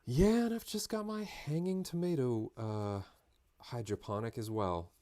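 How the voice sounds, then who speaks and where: A man's voice: medium pitch, unhurried, mellow. A man chatting casually and rambling with jokes while painting live on a stream. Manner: rambling, joking, self-interrupting.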